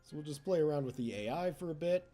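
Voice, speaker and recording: Lively, mellow-voiced gameplay commentator man. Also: fairly high pitch, quick pace, faint music behind. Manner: chatty, taunts the computer opponents. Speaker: let's play host.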